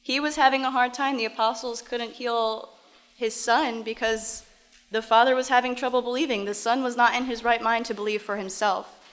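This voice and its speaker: A woman's voice: a little high, fairly even intonation, moderate pace. Woman explaining scripture conversationally. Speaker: Bible teacher. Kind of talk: informal Bible teaching.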